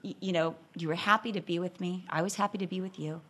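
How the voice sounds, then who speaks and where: A woman voicing her husband, a pastor, calmly and gently reasoning with her. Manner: gentle, measured, softer and lower.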